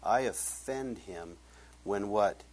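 Male pastor, husky voice, emphatic sermon with loud peaks and soft storytelling asides. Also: lowish voice, slow. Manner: preaching with loud emphatic rises and quiet asides; tells personal stories with laughter.

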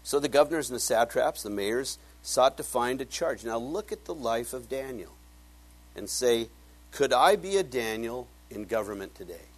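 Older male preacher with a husky voice, casual storyteller who acts out quotes. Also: mid-range voice, lively intonation, normal speed. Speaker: bible teacher. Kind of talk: casual sermon.

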